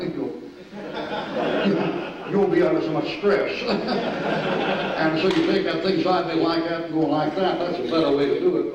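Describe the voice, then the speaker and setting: An older man preaching a sermon, telling army stories in a folksy, animated way, with sudden shouts and laughs. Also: on the high side. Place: church sanctuary. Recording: echoey distant church recording, dull and lo-fi.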